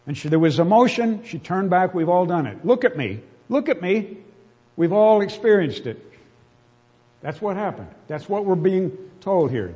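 A man's voice: fairly high pitch, a little mellow, husky. A man preaching a sermon, reading scripture aloud with earnest, emotional emphasis. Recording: dull reverberant hall.

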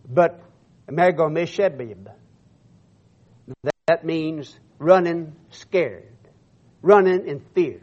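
Male preacher, high voice, declaiming scripture with stammering repeats, muffled lo-fi sound. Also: animated, slow pace, long pauses, darkish tone. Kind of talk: sermon reading scripture with commentary.

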